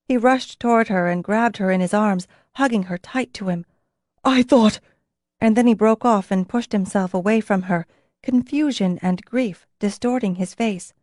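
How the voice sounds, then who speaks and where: A woman narrating a fantasy audiobook in a measured, even storytelling manner. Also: mid-range voice, no echo, studio quality. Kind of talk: scripted narration.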